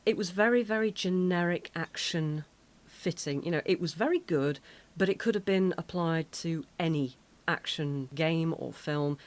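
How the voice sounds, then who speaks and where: English female co-host, very low pitch, measured and thoughtful delivery. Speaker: podcast co-host. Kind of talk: casual chat.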